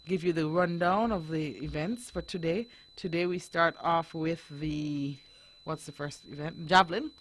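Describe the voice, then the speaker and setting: A woman hosting a radio talk show, earnestly urging parents to act. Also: on the low side. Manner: earnest, exhorting parents directly. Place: radio studio.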